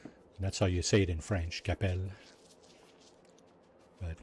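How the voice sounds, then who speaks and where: A man's voice: low-pitched, steady tone, a little fast, darkish tone, a little hiss or hum. A man chatting casually while livestreaming a game, reading chat aloud and joking with his viewers. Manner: chatty, reads chat aloud, jokey asides. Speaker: streamer.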